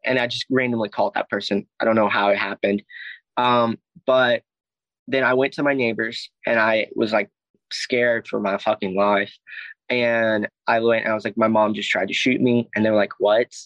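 A man's voice: on the low side, steady tone, moderate pace, fairly bright tone, no room sound, lo-fi sound. A young man from Alabama, telling a personal story in a casual, rambling way full of "like" and swearing. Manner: rambling, heavy "like" and "I was like", frequent swearing. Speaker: guest telling his story.

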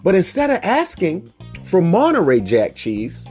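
Animated, mock-indignant podcast host, a man. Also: high voice, a little slow, faint music behind. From Baltimore, Maryland. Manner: animated storytelling, acting out quoted people. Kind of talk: solo podcast monologue.

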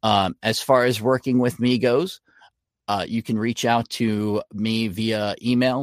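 A man's voice: on the low side, fairly even intonation, unhurried, dry recording, studio quality. A man, a voiceover coach, giving instructive advice as a guest in a podcast interview.

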